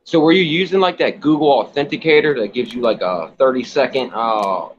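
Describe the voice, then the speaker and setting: A laid-back man hosting a casual chat, reacting briefly and explaining in a loose, relaxed way. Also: mid-range voice, a little fast, highs cut off. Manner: laid-back, short reactions, some swearing.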